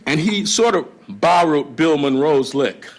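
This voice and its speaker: A man's voice: fairly high pitch, animated, a little slow. A man lecturing as a blues historian and guitarist to a live audience, telling stories in a folksy manner and breaking into song. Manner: folksy storyteller, drawls into song. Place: live event before an audience. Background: guitar playing.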